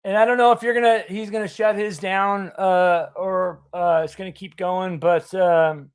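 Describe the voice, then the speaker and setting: A man hosting a casual livestream chat, talking in a halting way with many fillers and restarts. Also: high-pitched, fairly even intonation, clean tone. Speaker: livestream host.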